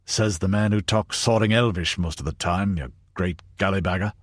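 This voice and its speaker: A man's voice: sits low, normal speed, husky, dry recording. A man voicing an older veteran soldier, dry and derisive.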